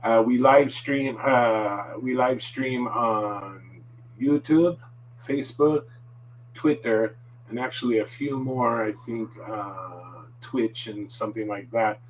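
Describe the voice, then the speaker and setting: A man talks through a relaxed live-stream lesson, rambling and filling pauses with "uh" and "um". He sits a little back from the mic, and a faint hum runs underneath. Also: medium pitch, recorded from a distance, low-quality recording. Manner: rambling, filler-heavy, chatty. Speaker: Japanese language teacher.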